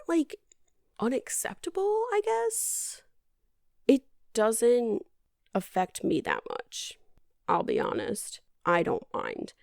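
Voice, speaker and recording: Slow-talking woman with a gravelly voice. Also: medium pitch, a little mellow, no echo. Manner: dry, sarcastic, rambling with many likes. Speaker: podcast host, movie reviewer. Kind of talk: casual movie recap.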